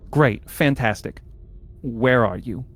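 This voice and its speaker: A man's voice: mid-range voice, slow pace, close to an everyday voice. A man voicing a nervous, eager-to-help assistant talking over an intercom, relieved the group is real.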